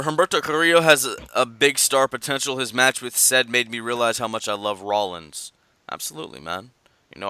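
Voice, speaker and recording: A man co-hosting a casual wrestling podcast, reading fan mail and rambling through his opinions in an animated way. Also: mid-range voice, clear, resonant tone, no echo. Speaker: podcast co-host.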